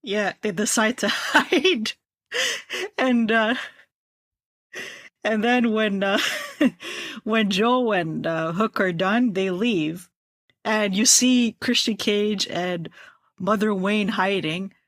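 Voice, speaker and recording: A woman's voice: mid-range voice, takes it slowly, pauses often, a bit bright, no echo, studio quality. A woman co-hosting a casual podcast, chatting about wrestling and laughing often. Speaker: podcast co-host.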